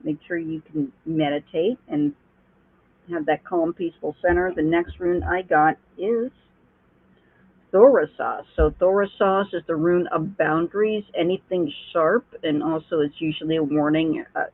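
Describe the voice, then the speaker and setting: A woman giving a calm, reassuring rune reading as a psychic reader. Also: sits low, no room sound. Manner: calm, reassuring, explains slowly. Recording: dry, husky phone-line call.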